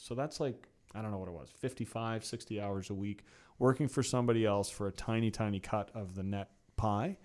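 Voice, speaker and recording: A middle-aged man, a podcast guest, telling a long story in a casual, animated way, acting out the quoted exchanges with lots of fillers. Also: on the low side, a little fast.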